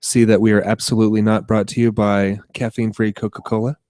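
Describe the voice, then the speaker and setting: A man's voice: lowish voice, level tone, fast talker, dark tone, no echo. A man co-hosting a casual podcast, easygoing and a bit hesitant, trailing into fillers. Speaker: podcast co-host.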